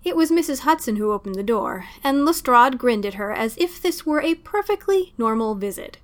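A woman narrating a story aloud in a steady, expressive storytelling manner. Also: a little high, moderate pace. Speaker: reader. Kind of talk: audiobook fan fiction reading.

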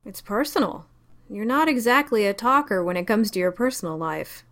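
Worried gentle male doctor, read by a woman, soft concern with sharp edges. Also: medium pitch, expressive, normal speed, pitched above the performer's own voice, lightly acted. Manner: soft, concerned, sometimes swearing. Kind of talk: audiobook character reading.

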